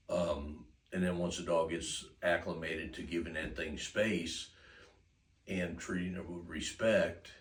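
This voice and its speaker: A man giving casual, folksy, rambling dog-training advice, chuckling often. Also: low voice. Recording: roomy, distant mic, faint ambience.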